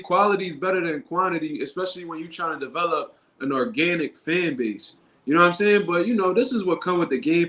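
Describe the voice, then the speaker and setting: A man's voice: a little high, a bit bright. Casual slangy man streaming live. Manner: loose, street slang, conversational, restarts often. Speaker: boxing commentary YouTuber. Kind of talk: casual livestream talk.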